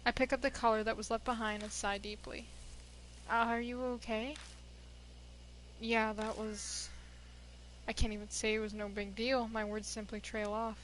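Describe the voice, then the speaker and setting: A woman hosting a let's play, reading game text aloud and swearing excitedly at the game. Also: fairly high pitch, normal speed, long pauses, slight background noise. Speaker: gaming video host.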